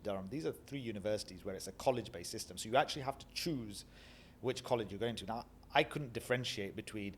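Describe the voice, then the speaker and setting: A middle-aged man from Bradford with a Northern English accent, telling animated stories as an interview guest and acting out the voices of people he quotes. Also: lowish voice, a little hiss or hum. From Bradford, England. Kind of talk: reflective storytelling interview.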